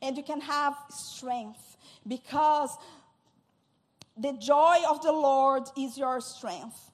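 Woman preaching, high voice, slow and halting, keeps restarting words. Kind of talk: sermon.

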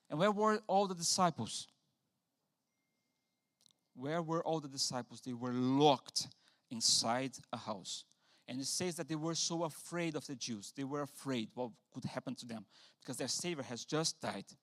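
A man preaching a sermon in a church, animated, acting out quotes with sudden loud bursts. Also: mid-range voice. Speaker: pastor.

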